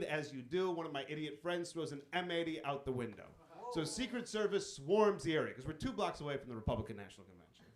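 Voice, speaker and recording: A young man doing a live stand-up set, telling a profane story and acting out quick quotes. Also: fairly high pitch. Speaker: stand-up comedian. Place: comedy club stage.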